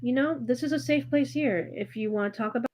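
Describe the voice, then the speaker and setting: A woman giving a live tarot reading, speaking gently and reassuringly to a viewer, with frequent fillers and restarts. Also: fairly high pitch, brisk. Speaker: tarot reader and spiritual coach hosting a live reading. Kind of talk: live-stream chat with viewers.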